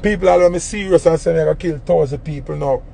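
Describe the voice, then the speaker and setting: A young man with a Jamaican accent, ranting in an animated, mocking way on a casual phone livestream. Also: on the high side, a little fast, vocal fry, slight background noise. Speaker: entertainer on a livestream.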